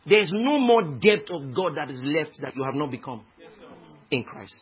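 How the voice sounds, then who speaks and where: A Nigerian man preaching a sermon with passion, swinging from hushed tones to shouts. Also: a little high, big pitch swings, moderate pace, breathy edge. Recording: dull lo-fi recording with faint noise.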